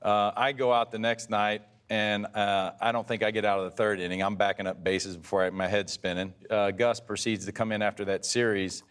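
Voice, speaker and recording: A man in his sixties, a former pitcher, telling rambling stories in a casual interview and often correcting himself mid-sentence. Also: little pitch movement, fairly quick, hardly any pauses, fairly bright tone, clean tone. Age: 60s. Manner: rambling, self-correcting storyteller.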